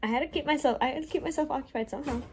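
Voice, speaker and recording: A woman's voice: high-pitched, very fast, a little mellow, slight background noise. A young woman vlogging in a chatty, playful way. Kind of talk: casual vlog chat.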